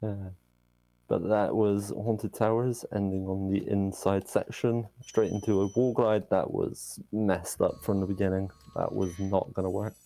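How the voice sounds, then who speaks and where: A man's voice: lowish voice, level tone, measured pace, warm tone. A man explaining his own speedrun live in a matter-of-fact, explanatory way.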